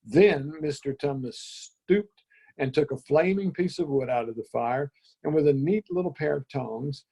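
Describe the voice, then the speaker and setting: A man reading a children's storybook aloud in an unhurried, gentle way. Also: fairly high pitch, creaky, slightly rough.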